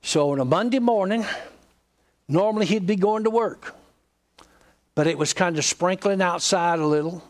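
Preacher man, slightly high voice. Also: moderate pace, pauses often. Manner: storytelling preacher, retells a friend's words, trails off and restarts. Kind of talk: sermon.

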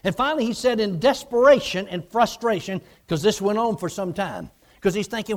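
A man's voice: high voice, animated, brisk, hardly any pauses. A man preaching a sermon, retelling a vision with emphatic, repetitive phrasing. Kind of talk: sermon storytelling.

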